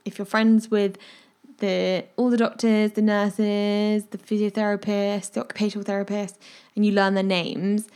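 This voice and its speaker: A woman's voice: mid-range voice, flat delivery, normal speed, a little mellow, clear, resonant tone. Chatty lady doctor on a podcast, tells stories, acts out what people said. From United Kingdom. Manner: chatty storyteller, acts out quoted lines. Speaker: junior doctor, podcast co-host. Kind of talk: casual podcast chat.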